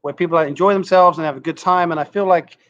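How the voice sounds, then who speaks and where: A man's voice: a little high, fairly even intonation, quick pace, fairly bright tone. Male guest, London accent, easygoing and dry, muffled lo-fi call. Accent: Southwest London English. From England. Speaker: guest, comedy club manager. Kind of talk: casual interview.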